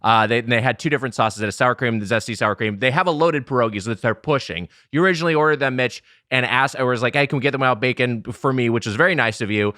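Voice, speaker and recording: A man co-hosting a comedy food podcast, rambling and jokey, with halting fillers as he talks. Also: medium pitch, sharp tone, no room sound, studio quality. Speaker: podcast co-host. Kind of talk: casual comedy chat, food review.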